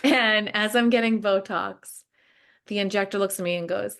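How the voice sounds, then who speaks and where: A woman, a guest telling her story in a casual interview, animated and talkative. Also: mid-range voice, clear, resonant tone. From Boston, USA. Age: 30s. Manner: animated, talkative, quick bursts with laughter. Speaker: interview guest, marathon runner.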